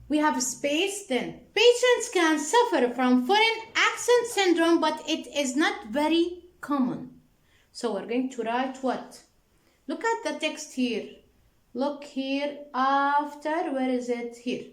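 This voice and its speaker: A woman teaching an English workbook lesson with an Arabic accent, slowly repeating answers and prompting the class with questions. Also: high voice, roomy sound, poor audio. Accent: Arabic-speaking. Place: classroom with a board.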